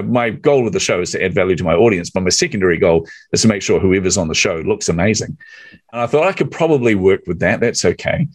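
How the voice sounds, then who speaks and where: A man with a fairly low voice tells a story on his podcast in a relaxed, chatty way. He acts out the other people's lines with lively energy and laughs as he goes. The sound is dry and close, with no room echo. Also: breathy edge. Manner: animated storyteller acting out quotes, laughs often. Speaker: podcast host telling a guest story. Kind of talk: casual storytelling chat.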